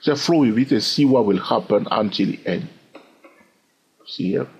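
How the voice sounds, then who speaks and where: A man's voice: mid-range voice, normal speed, creaky, highs cut off, slight background noise. A man with a French accent teaching chart trading, repeating himself and often asking "yes or no?" to check on listeners. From France. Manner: repetitive, asks "yes or no?" often; says "blah, blah" to skip steps. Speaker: trading educator. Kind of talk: screen-share chart lesson.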